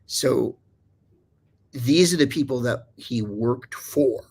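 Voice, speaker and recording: Guest storyteller: man, gravelly and husky, rambling casual chat. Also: medium pitch, takes it slowly, darkish tone. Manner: rambling, digressive, many restarts and fillers.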